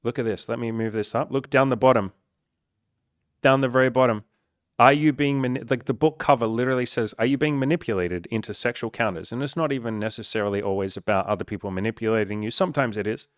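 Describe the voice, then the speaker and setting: Man, dating coach, casual talk to camera, swears often, mid pitch, dry sound. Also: fast talker, no room sound. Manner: frank and profane, loose with filler words.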